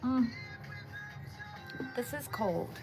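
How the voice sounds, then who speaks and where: A woman's voice: fairly high pitch, animated, very slow, music in the background. A woman hosting a casual livestream from home, chatty and greeting viewers by name, tired after just waking up. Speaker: livestream host. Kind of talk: casual live chat with viewers.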